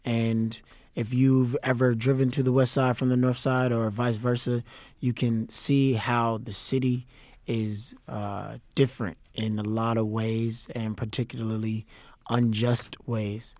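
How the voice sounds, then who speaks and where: A young man from Chicago recalls his time as a youth poetry competitor. He speaks in an earnest, measured way with little pitch movement. The recording is dry and close. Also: little pitch movement, darkish tone, no echo. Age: young adult. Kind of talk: reflective interview talk.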